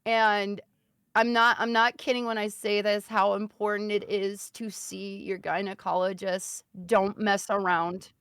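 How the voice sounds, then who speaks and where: A woman speaking in a mid-range voice recounts her story to a stream panel. She is earnest and emphatic, dropping into a soft, serious tone. The sound is dry and close. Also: medium pitch, flat delivery, measured pace, clean tone, no room sound. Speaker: guest sharing a health story. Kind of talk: casual storytelling.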